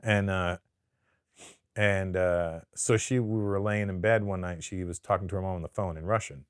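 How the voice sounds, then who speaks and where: Man, low voice, dry close sound, casual interview guest, swears freely, stammers, animated storyteller. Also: moderate pace, smooth, no echo. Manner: profane, stammering restarts, animated storytelling with put-on accents. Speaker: comedian guest.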